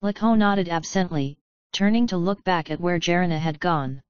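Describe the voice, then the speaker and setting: Woman narrator, audiobook, clear resonant voice, dry slightly dull recording. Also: fairly low pitch, moderate pace, dry recording. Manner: clear, even storytelling. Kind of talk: scripted narration.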